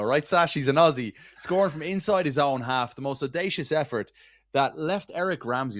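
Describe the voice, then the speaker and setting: A man's voice: mid-range voice, a bit bright, no room sound, clean studio sound. A man hosting a soccer talk show, keeping the energy up with teasing banter. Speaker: host. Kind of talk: casual sports chat.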